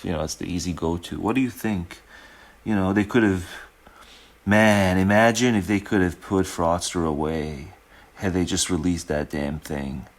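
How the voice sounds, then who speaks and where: A man with a very low, deep voice talks casually from his home kitchen. He rambles in a sardonic, mocking way and laughs often between his thoughts. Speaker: host commenting over a played reading.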